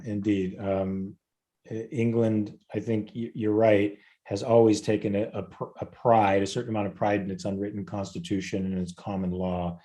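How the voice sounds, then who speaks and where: An American man co-hosting a talk show, speaking in a measured way and repeating words as he starts sentences. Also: sits low, dark tone. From United States. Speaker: podcast co-host. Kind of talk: casual discussion.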